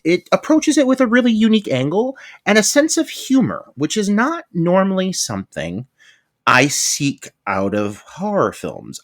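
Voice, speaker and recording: A man co-hosting a podcast in casual chat, animated and gushing, laughing often. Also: on the high side, no echo, studio quality. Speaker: podcast co-host.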